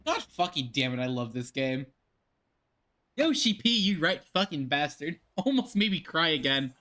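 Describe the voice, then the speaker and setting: A streamer commenting live on a game, excitable and profane, with sudden outbursts. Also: medium pitch, normal speed.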